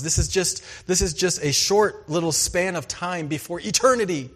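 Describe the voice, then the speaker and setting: A man preaching a sermon, reading scripture and telling farm stories, swinging between loud emphasis and hushed asides. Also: high-pitched, normal speed, hardly any pauses, breathy edge. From farming background. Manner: storytelling, animated, shifts between loud and hushed. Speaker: pastor.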